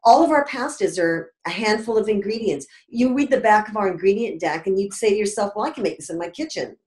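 A woman's voice: mid-range voice, lively intonation, brisk, a little mellow, breathy edge. A middle-aged Canadian woman, a company founder, talking emphatically in a podcast interview and often checking in with "right?". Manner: emphatic, tags statements with "right?".

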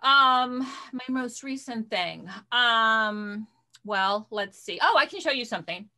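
A woman's voice: on the high side, lively intonation, slow pace, pushed and bright. A woman quilter chatting casually on a video call, rambling a little while she fiddles with sharing her screen. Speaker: guest quilter.

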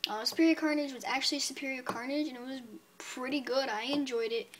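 A woman's voice: high voice, fairly even intonation, quick pace. A woman casually reviewing her comic book purchases on video, chatty and upbeat, rambling with many fillers.

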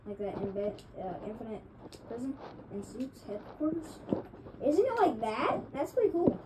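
A woman streaming gameplay, with excitable trash talk and sudden yelps. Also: fairly high pitch, unhurried, noisy background. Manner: excitable, trash-talking, yelps when killed. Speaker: gaming streamer. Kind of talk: live gameplay commentary.

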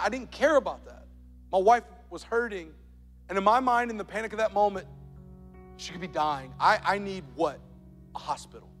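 A man preaching a sermon as pastor, telling a story and building to loud, emphatic points. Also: sits high. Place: large church auditorium. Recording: church hall reverb with soft music.

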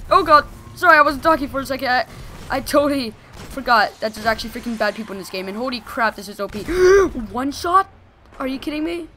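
A young woman giving excited gameplay commentary, gushing and shouting during fights. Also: fairly high pitch, a little hiss or hum. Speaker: gaming video host.

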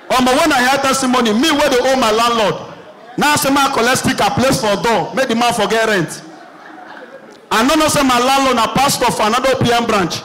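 A young man with a Nigerian accent performing an animated stand-up comedy routine, mimicking characters as he tells stories. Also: extremely high pitch, brisk, poor audio. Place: live show before an audience. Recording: crowd noise, light background hiss.

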